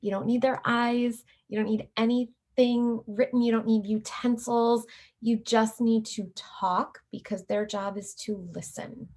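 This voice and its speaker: A woman's voice: fairly high pitch, fairly even intonation, unhurried, a little mellow. A middle-aged woman lecturing teacher candidates, explaining carefully and demonstrating letter sounds. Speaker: teacher educator. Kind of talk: recorded lecture.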